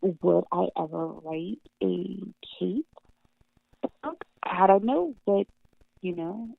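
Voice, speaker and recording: A woman comic book writer chatting as an interview guest, animated and swearing freely, laughing often, heard over a tinny phone line. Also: fairly low pitch, slow, creaky, no room sound. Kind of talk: casual interview chat.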